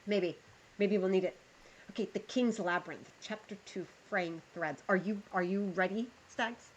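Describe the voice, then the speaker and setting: A woman's voice: mid-range voice, normal speed, lo-fi sound, slight background noise. A woman livestreaming, chatting with her viewers as she plays a game and reads a story aloud. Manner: chatty, talks to chat while playing. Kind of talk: live game commentary and storybook reading.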